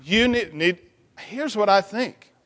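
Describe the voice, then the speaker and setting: A children's pastor leads a kids' church session in a high-pitched voice, speaking slowly with a long reverb tail. He's playful and animated, teasing the children with questions and cheering on a young helper.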